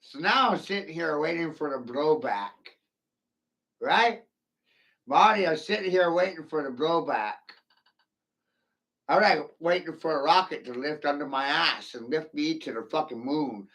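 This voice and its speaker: A man's voice: a little high, expressive, a little slow, fairly bright tone. A man delivering a rambling, profane, mocking solo rant to the camera.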